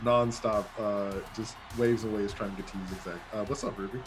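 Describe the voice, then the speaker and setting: A man's voice: fairly low pitch, fairly even intonation, fairly quick, over music. Loose, rambling man running the game. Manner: loose, filler-heavy narration. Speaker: game master. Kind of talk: narrating a tabletop game.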